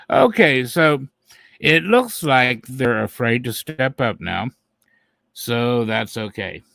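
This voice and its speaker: A man's voice: mid-range voice, expressive, very slow, creaky, long pauses, a bit bright, no room sound. A man hosting a live stream, talking to his viewers in a taunting, mocking way and chuckling at his opponents. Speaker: channel host.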